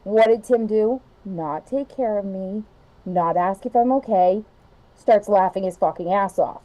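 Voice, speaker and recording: A woman's voice: mid-range voice, measured pace, dark tone, low-quality recording. A woman co-hosting a casual podcast chat, teasing and swearing freely as she tells her side of a story. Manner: profane, teasing banter. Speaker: podcast co-host.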